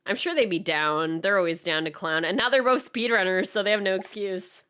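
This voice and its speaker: A woman's voice: medium pitch, brisk, fairly bright tone, smooth. Chatty Canadian woman streaming a speedrun. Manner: chatty and rambling, laughs often. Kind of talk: casual live-stream chat while gaming.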